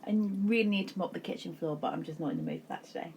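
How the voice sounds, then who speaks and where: A woman's voice: deep voice, huge pitch swings, rapid-fire, gravelly, a little mellow, slight background noise. A woman chatting casually to her viewers in a crafting vlog, chatty and self-mocking, sitting at home. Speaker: vlogger. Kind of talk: casual chat.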